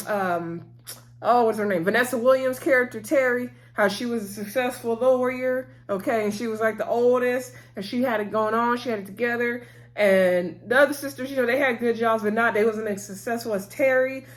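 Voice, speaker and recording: A woman with a somewhat high voice talks through a TV episode in a loose, rambling way. She laughs often and slips into quick impressions of the people she describes. Her tone stays chatty and informal throughout. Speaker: TV show reviewer. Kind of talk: casual episode recap.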